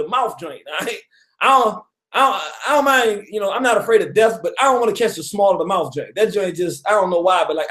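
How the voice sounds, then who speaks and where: A man hosting a casual radio talk on history, an animated storyteller who chuckles often and acts out quotes. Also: high-pitched, reverberant. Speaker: radio show host.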